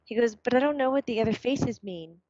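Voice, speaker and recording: A woman talking casually, passing on her son's words in a chatty, animated way with plenty of fillers. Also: on the high side, brisk, no room sound. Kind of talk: casual chat. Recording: dull, dry, lo-fi sound.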